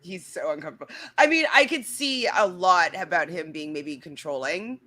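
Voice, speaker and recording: A woman co-hosting a casual reality show recap, chatty and animated, with lots of likes and restarts. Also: lowish voice, moderate pace.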